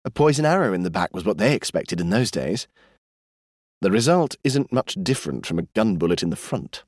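A headstrong young woman of twenty-one, scornful and quick to mock, as a male narrator puts her on. The voice sits well above his own and swings freely in pitch. Dry, close audiobook sound with no room around it. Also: sing-song, a little mellow, dry recording. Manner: mocking, defiant, raised pitch. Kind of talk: audiobook character voice.

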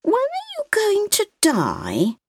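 A woman's voice: extremely high pitch, wildly swooping pitch, slow, voice pushed up, heavily acted. A woman voicing a piping, insistent little girl. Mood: curious. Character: curious small girl, bold and demanding.

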